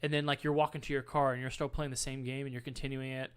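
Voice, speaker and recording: A man's voice: mid-range voice, flat delivery, fast talker, smooth. A man co-hosting a casual podcast, telling stories and teasing his friends. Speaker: podcast co-host. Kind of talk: casual chat.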